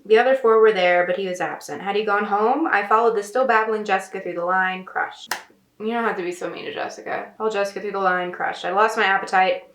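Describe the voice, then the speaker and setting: A woman writer reads a novel aloud quickly in a mid-range, steady, slightly bright voice, breaking off between passages for sarcastic, snarky asides in a casual tone. The room sounds echoey, with faint noise.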